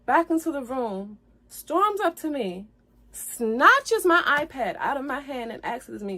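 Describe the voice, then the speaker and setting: A streamer with a high voice, very animated yet slightly slow, tells viewers her side of a breakup while upset and close to crying. Speaking to them directly, she repeats herself and gets loud and heated describing the fights.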